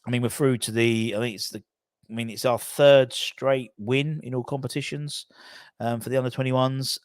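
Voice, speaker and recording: A man's voice: medium pitch, dry recording, studio quality. Chatty man rambling about football. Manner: rambling, self-correcting, chatty. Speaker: football channel host. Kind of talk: casual commentary.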